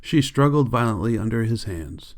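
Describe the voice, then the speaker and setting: A man narrating an audiobook in a calm, measured reading. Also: fairly low pitch. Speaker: audiobook reader.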